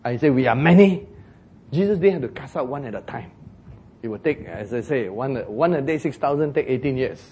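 A man preaching a sermon, telling a story with jokes, acted shouts and laughter. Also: mid-range voice, animated, a little fast, a little hiss or hum.

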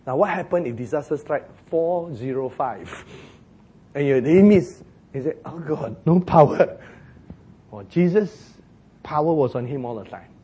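A man preaching a sermon as pastor, telling the story in an animated way, acting out the quoted voices and chuckling at his own jokes. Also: fairly high pitch, measured pace, breathy edge.

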